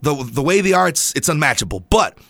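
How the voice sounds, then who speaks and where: A middle-aged man chatting casually, telling an excited, animated story. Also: on the high side, fairly quick, no echo. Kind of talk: casual chat.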